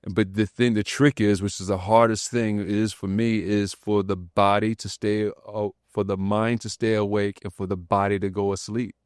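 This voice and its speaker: A man hosting a podcast, telling a personal story in a loose, slangy, animated way and acting out the voices in it. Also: fairly low pitch, normal speed, few pauses, clear, resonant tone, no echo, studio quality. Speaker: podcast host. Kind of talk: casual conversation.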